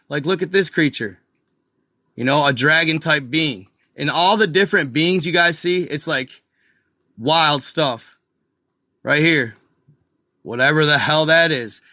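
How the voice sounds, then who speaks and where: A man's voice: on the high side, sharp tone, no room sound, clean studio sound. A man hosting a casual screen-share video, talking straight to his viewers with restarts and frustrated asides. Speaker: video host.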